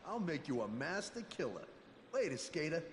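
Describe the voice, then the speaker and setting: A man's voice: on the high side, big pitch swings, normal speed, echoey room, big-room sound, slight background noise. An actor playing a cocky male fighter with a Brooklyn accent, wisecracking and brash.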